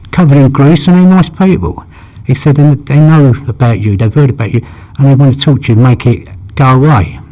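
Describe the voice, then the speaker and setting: A man's voice: mid-range voice, dark tone. An older man, telling long stories about his past in a rambling way and acting out the dialogue. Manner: rambling, acts out quoted dialogue, frequent "you know". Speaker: interviewee. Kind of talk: anecdotal storytelling.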